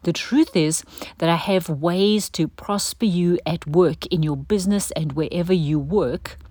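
A middle-aged woman giving an earnest devotional teaching, gentle in manner and dropping to a soft breathy hush at times. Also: lowish voice, a little slow, no room sound. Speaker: Christian teacher.

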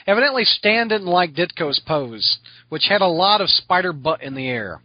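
A man's voice: sits high, big pitch swings, moderate pace, no room sound. A man hosting a casual podcast chat, steering topics, joking and laughing often. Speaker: podcast host. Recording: dull lo-fi sound.

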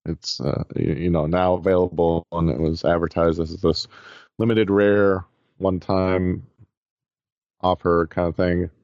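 A man's voice: sits low, level tone, measured pace, darkish tone, no echo, dull audio. A man chatting casually as a podcast co-host, often hesitating and searching for words. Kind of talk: casual chat.

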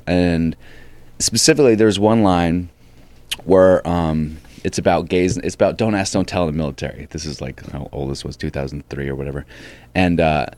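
Very low-voiced man telling stories. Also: no echo. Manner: animated anecdote-telling with quoted voices and restarts. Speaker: guest comedian and actor. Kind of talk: casual storytelling interview.

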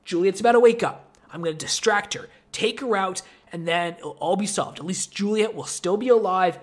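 A man voicing a bumbling, scheming male priest who swings between smug whispers and panicked shouts. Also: high-pitched, moderate pace, natural voice.

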